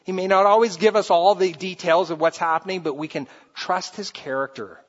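A man preaching a sermon, animated, rising high and loud for acted quotes and dropping soft for scripture. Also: brisk. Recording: dull sound with long hall reverb.

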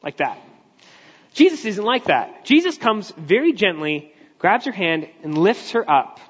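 A man preaching a sermon in a relaxed, conversational way. He explains each point at length, often restarting his sentences. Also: sits high, a little slow, breathy edge. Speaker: pastor. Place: large church hall. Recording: echoey hall, dull lo-fi sound.

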